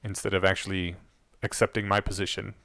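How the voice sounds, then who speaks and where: A man with a fairly low voice co-hosts a podcast in casual discussion. He lays out his points plainly and evenly, often agreeing with his partner. The sound is dry and close. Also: little pitch movement, a little fast, gravelly, pushed and bright, no room sound. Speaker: podcast co-host.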